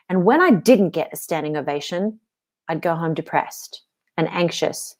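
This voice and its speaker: An older woman giving an emotional, animated motivational talk as a guest speaker on an online video call. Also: lowish voice.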